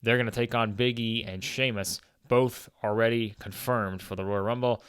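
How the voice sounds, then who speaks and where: A man's voice: on the low side, steady tone, moderate pace, fairly bright tone, smooth, no echo, clean studio sound. A man hosting a gaming video, narrating a wrestling sim playthrough in a chatty way, with frequent fillers and chuckles.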